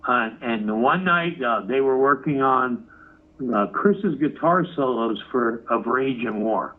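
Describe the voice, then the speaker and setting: A man's voice: mid-range voice, slow. A man interviewed as a rock musician, telling stories with lots of swearing and acting out the other people in them. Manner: swears freely, acts out quotes. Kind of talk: animated storytelling interview. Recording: phone-like narrow audio.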